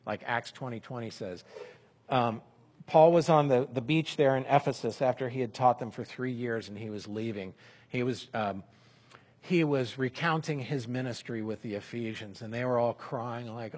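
A man giving a sermon in a relaxed, conversational way, speaking example prayers aloud as he teaches. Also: medium pitch, moderate pace, husky. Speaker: pastor.

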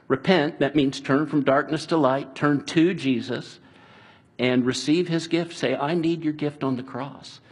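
A man preaching a sermon in an earnest, conversational way, dropping soft and slow at times. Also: medium pitch, breathy edge. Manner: earnest, conversational preaching with restarts and quiet, slowed passages. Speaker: pastor.

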